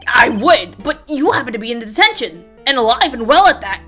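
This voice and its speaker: A woman reading the lines of a calm young male defense lawyer in a game, asking dry, quiet questions. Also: fairly high pitch, fairly quick, faint music behind, exaggerated voice. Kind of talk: reading game dialogue aloud.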